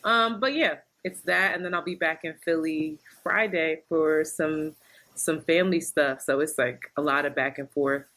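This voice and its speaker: A woman's voice: sits low, normal speed, fairly bright tone. Laughing woman telling a story. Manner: laughing storyteller, acts out quotes. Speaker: podcast co-host. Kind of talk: casual podcast chat.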